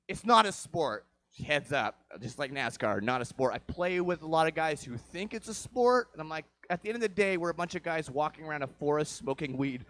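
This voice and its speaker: On a comedy show stage, a stand-up comedian from the Vancouver area of Canada delivers a crude, rambling set, swearing often and checking in with the crowd with frequent "right?"s. His voice is a little high and fairly bright.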